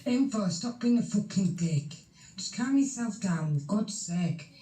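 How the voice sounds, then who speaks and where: A woman's voice: medium pitch, lively intonation, unhurried, mellow, roomy sound, faint music behind. A woman in a heated casual voice chat, blunt and sweary as she tells someone off. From Yorkshire, England. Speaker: voice chat participant.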